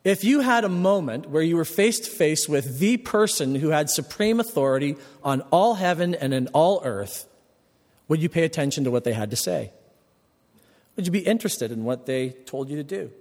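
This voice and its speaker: A man preaching a sermon as a pastor, animated and climbing to emphatic peaks as he explains his point. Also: on the high side, normal speed. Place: church sanctuary. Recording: long reverb of a church hall.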